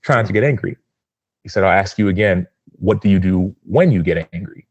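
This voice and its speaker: Man in his thirties, deep voice, dry close sound, earnest storytelling, acts out quotes. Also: fairly quick, a little mellow, breathy edge, dry recording, highs cut off. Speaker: podcast guest. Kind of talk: personal storytelling.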